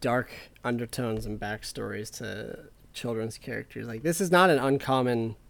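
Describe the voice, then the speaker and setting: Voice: mid-range voice, normal speed, vocal fry, fairly bright tone. A podcast co-host chatting casually with wry, joking comments. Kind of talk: casual chat.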